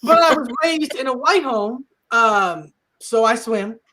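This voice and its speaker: A woman in her forties performing a stand-up comedy set on a live stage, animated and acting out dialogue in playful voices. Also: a little high, a little slow, slight background noise.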